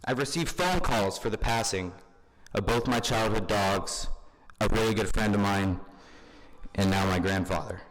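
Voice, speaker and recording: Young male eulogist, low voice, casual and halting, long reverb of a large hall. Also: fairly bright tone. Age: young adult. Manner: informal, many fillers. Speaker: grandson giving a eulogy. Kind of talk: funeral eulogy.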